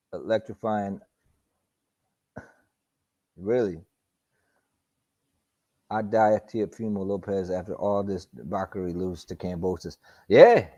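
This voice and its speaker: A man's voice: fairly low pitch, mellow. Profane man on a lo-fi stream. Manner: loose, profane and repetitive, heavy slang. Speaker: boxing talk show host. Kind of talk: casual live-stream commentary. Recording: dull lo-fi stream audio.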